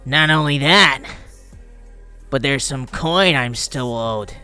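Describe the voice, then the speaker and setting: A man voicing a proud, vengeful male duck knight who speaks in a quiet, grave, menacing way. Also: mid-range voice, slow pace, clear, resonant tone, soft background music, pitched above the performer's own voice.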